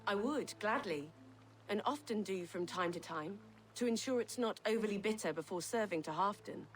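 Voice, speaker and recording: An actress voicing a gentle woman herbalist in a video game, soft-spoken and earnest. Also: mid-range voice, lively intonation, normal speed, a little hiss or hum, natural voice, rough recording.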